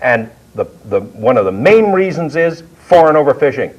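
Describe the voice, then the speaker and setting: A man's voice: medium pitch, very animated, moderate pace, muffled recording. A man, a member of Parliament speaking as a guest on a panel and making emphatic points with many restarts. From Newfoundland. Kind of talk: studio panel discussion.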